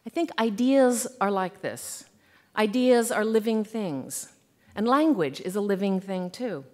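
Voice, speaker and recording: Woman keynote speaker, mid-pitched, thoughtful, playful, savors key phrases. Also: animated, unhurried, darkish tone. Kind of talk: conference keynote talk. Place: conference hall.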